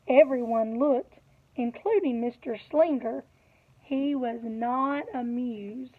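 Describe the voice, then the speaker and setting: A woman reading a picture book aloud to children, animated, pausing to ask them questions. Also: high voice. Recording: tinny phone-like audio.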